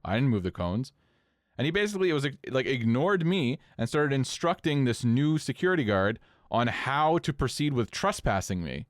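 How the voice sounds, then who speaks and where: Male podcast co-host, lively pitch, dry close sound, storytelling with casual swearing. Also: normal speed, no echo. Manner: animated, swings pitch up when incredulous, swears casually.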